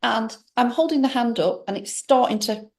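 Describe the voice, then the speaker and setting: Lady in her middle years, kinda high and gravelly, rambling emphatic storytelling to an interviewer. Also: moderate pace, darkish tone. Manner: rambling, emphatic, with many restarts. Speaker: interview guest. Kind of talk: personal story told in conversation.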